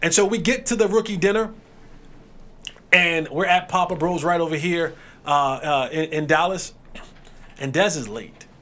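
A man hosting a podcast, talking casually and telling his own anecdotes in a relaxed, conversational way. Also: on the high side, moderate pace, pauses often. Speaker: podcast host, former football player. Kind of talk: casual chat.

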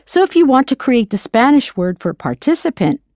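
Woman, language teacher, scripted lesson, patient, spells out words, animated pitch, dry sound. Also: normal speed, no room sound.

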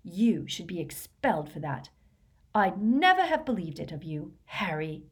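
A woman's voice: high-pitched, very animated, normal speed, darkish tone, voice pushed up. A woman voicing a clever, bossy schoolgirl witch who talks sharply and scolds. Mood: hissing.

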